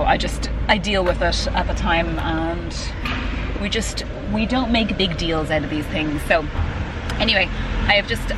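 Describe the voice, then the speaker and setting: Chatting to camera from her parked car, a woman from Ireland rambles and pokes fun at herself in a casual vlog. She has a fairly low voice, and the recording is very noisy.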